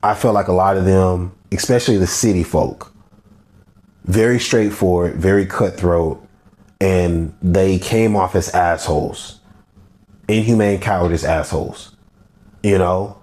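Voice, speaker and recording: Deep-voiced Texan country man hosting. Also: steady tone, unhurried, a little mellow. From Texas, USA. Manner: candid and blunt, loose and conversational. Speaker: podcast host. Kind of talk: solo podcast monologue.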